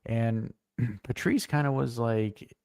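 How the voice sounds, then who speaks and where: A man co-hosting a casual football live stream, blunt and animated, swearing freely as he tells stories. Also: medium pitch, slow, creaky, clean tone, no echo, clean studio sound. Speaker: co-host.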